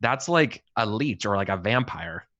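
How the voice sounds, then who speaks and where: A man co-hosting a podcast in casual chat, speaking haltingly with lots of fillers and repeated words. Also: on the low side, animated, pushed and bright, no echo, highs cut off. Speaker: podcast co-host.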